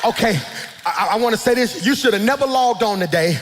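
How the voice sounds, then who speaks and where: High-voiced, fervent shouting pastor. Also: male voice, animated, fairly quick, in a large hall. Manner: fervent preaching, shouting in rising calls. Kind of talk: sermon.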